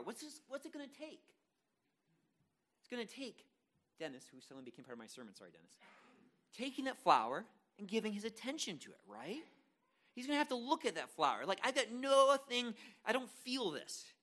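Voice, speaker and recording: A man's voice: high-pitched, sharp tone. A man preaching a sermon to a congregation in a conversational, self-deprecating way, with frequent restarts and asides. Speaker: pastor.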